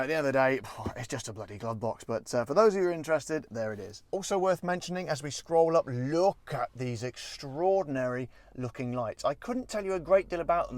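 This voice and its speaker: A man's voice: medium pitch, darkish tone, dry recording. A man hosting a casual car walkaround review, rambling with jokey, self-deprecating asides. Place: in and around a parked car.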